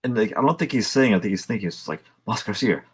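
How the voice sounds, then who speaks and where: A man with a husky voice co-hosting a casual film review podcast, relaxed and full of "like". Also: lowish voice, rapid-fire. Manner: relaxed, many "like" fillers. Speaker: podcast co-host.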